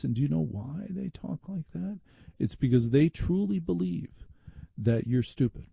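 A man's voice: on the high side, lively intonation, normal speed, creaky, mellow, breathy edge, no echo. A man hosting a talk radio show, delivering an opinionated, indignant and sardonic monologue into a studio microphone.

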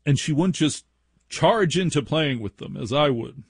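A middle-aged man hosts a talk radio show and tells a long story with self-deprecating humor. His husky voice moves a lot in pitch, and the sound is close and dry. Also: lively intonation, unhurried, no room sound. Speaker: radio host.

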